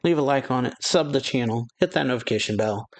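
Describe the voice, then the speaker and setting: A man's voice: mid-range voice, quick pace. A man casually recapping a manga chapter, retelling the dialogue loosely and chuckling between lines. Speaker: manga reaction channel host.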